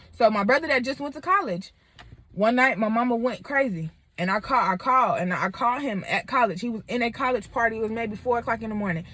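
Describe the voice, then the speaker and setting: A woman in her twenties telling a personal story in a candid, animated way. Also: a little high, dry recording. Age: 20s. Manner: candid and animated, lots of fillers. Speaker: vlogger.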